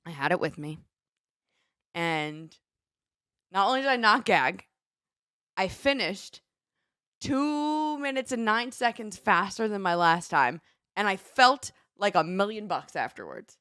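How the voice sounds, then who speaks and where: A young adult woman co-hosting a podcast, telling stories in an animated casual chat. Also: mid-range voice, unhurried, long pauses, clean tone, dry recording, studio quality. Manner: animated storytelling, shouts quoted cheers. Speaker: podcast co-host.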